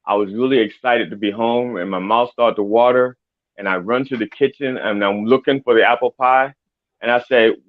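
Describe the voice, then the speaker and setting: A man co-hosting a casual talk show, telling a story with halting, stammering starts. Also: mid-range voice, steady tone, narrow, tinny audio. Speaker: podcast co-host.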